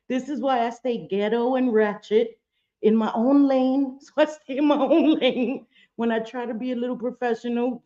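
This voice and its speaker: A chatty woman hosts a casual livestream from her room at home, greeting viewers by name, swearing freely and laughing between sentences. Her voice sits at a middle pitch and comes through a computer mic, and the stream audio sounds a little dull and lo-fi. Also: mellow. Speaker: livestream host. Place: home room with bright lights.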